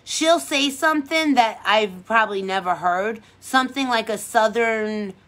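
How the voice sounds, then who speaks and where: A woman's voice: fairly high pitch, a little slow, a bit bright. A woman from hosting a casual makeup livestream, chatting with viewers in a rambling, upbeat, encouraging way. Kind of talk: casual livestream chat reading comments.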